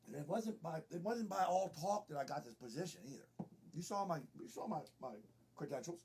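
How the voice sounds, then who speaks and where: A man's voice: a little high, animated, brisk, a little mellow, a little hiss or hum. A middle-aged man doing an improvised comedy monologue, boastful and rambling.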